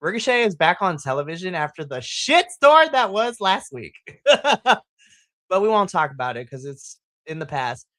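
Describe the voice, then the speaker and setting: A woman co-hosting a wrestling podcast, talking in an animated, playful way with frequent laughter. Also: fairly low pitch, moderate pace, no room sound. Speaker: podcast co-host. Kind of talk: casual wrestling chat.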